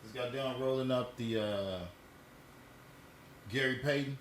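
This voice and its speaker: A man's voice: mid-range voice, unhurried, slight background noise. A man hosting a casual current-events talk, telling stories in a laid-back, slangy and profane way while smoking. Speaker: host.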